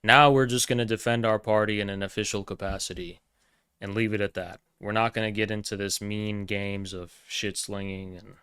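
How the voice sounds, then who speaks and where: A man's voice: a bit bright, smooth, no echo, studio quality. A man ranting casually and sarcastically, profane and mocking. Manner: sarcastic, mocking, slips into high put-on voices. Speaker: political streamer.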